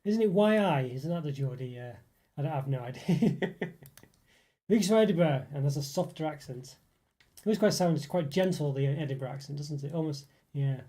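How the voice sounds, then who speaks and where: Hosting a relaxed stream, a young northeast English man reads out chat messages and rambles, often restarting and filling gaps. His warm, slightly high voice moves at a normal speed.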